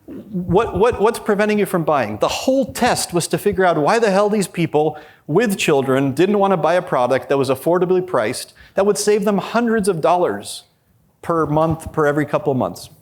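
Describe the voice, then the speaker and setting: Man, conference workshop speaker, slightly high voice, blunt, informal, acts out quotes. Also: animated, normal speed. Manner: acts out quoted dialogue with shifting pitch. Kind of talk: live conference presentation. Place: conference session with a live audience.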